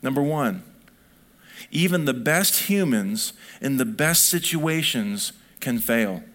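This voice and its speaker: A man's voice: mid-range voice, expressive, slow pace, a bit bright. A middle-aged man preaching a sermon in a conversational way, building up to emphatic peaks. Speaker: pastor.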